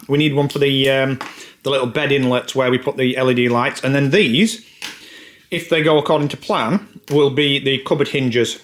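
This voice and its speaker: A man's voice: mid-range voice, a bit bright. An English man chatting casually in a vlog and explaining things step by step. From England. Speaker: vlogger.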